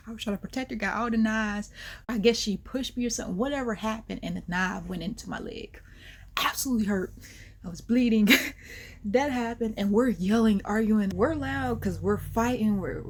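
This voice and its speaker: A woman vlogger telling a personal story in a casual, slangy way, animated, with whispered asides. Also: mid-range voice, a little hiss or hum.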